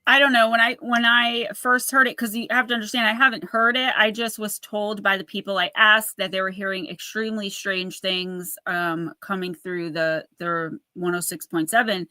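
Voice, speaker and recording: A woman speaking as a psychic guest in a casual interview, animated and emphatic, talking in quick bursts. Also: medium pitch, no echo.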